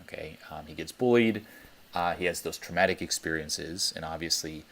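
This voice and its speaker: Man, very low voice, blunt and profane, coaching talk on a conference call. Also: moderate pace, fairly bright tone. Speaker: dating coach.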